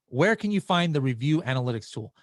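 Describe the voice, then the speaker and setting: A man's voice: fairly high pitch, expressive, fairly quick, dry recording, clean studio sound. A man hosting a live webinar, answering viewer questions in a casual, chatty way. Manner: casual and chatty, with frequent restarts and fillers.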